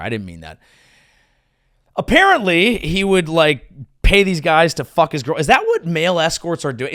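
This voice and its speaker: A man's voice: mid-range voice, fairly bright tone, no echo, clean studio sound. A man hosting a comedy podcast, riffing crudely and jumping into silly impressions.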